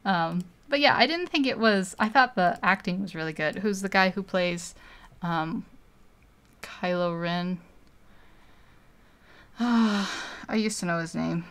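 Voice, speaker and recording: Woman, live-stream chat, smooth clear voice, rambling, laughs a lot. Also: fairly low pitch. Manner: rambling, chatty, laughs often.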